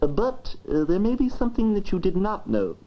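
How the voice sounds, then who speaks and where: A woman's voice: medium pitch, very animated, fairly quick, lightly acted. Woman voicing a pompous talking dictionary. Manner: fussy, grandiloquent, lecturing. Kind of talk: educational film acting. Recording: dull lo-fi old film sound.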